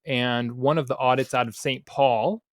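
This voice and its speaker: A man's voice: medium pitch, steady tone, normal speed, dry recording. A man from the Midwest hosting a podcast interview in a studio, asking friendly guided questions. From American Midwest. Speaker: podcast host. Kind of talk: conversational interview.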